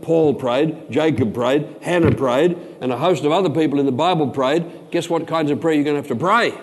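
A man preaching a sermon, slowing down to stress single words. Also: fairly high pitch, a little mellow. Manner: emphatic, slows down to stress words. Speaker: pastor. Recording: long hall reverb.

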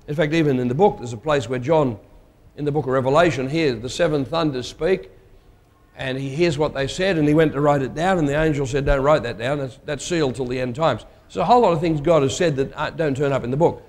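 A man's voice: on the high side, fast, darkish tone. Conversational male preacher in a reverberant hall. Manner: conversational, emphatic, asks the listeners questions. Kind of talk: sermon.

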